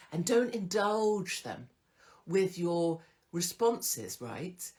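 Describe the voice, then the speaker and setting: Lowish, very animated and unhurried, this voice belongs to a woman in her forties hosting a show. She gives advice in a casual monologue, talking frankly, cursing freely and mimicking others.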